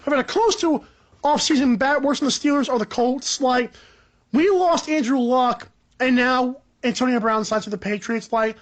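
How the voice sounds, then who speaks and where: A young man hosting a solo sports podcast, ranting in a rambling, animated, joking way. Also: normal speed. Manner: animated, rambling, joking, pitch jumps up for emphasis. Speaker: podcast host.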